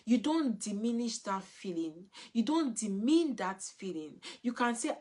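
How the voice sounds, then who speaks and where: A woman's voice: a little high, very animated, unhurried, few pauses, warm tone, slightly rough. A woman, giving an earnest, repetitive live talk as a parenting coach.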